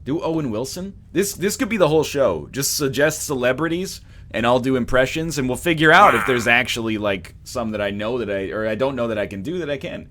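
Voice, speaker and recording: A young man talks with his stream audience, animated and rambling. His pitch swings a lot from line to line, and his voice has a bright, forward edge. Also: brisk, slight background noise. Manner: animated, rambling, tries celebrity impressions. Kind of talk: casual chat while playing a game.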